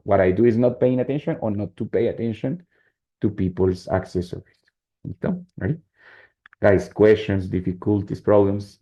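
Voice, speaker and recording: A man with a voice on the low side teaches English grammar online, going back and forth between English and his native Spanish. He frequently checks in with students. The lo-fi recording sounds a bit dull.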